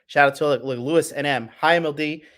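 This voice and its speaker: Fast-talking, with a voice on the high side and a bit bright, a man runs a live-streamed dating talk show. He mocks and swears brashly as he reads the chat, calling everyone "bro."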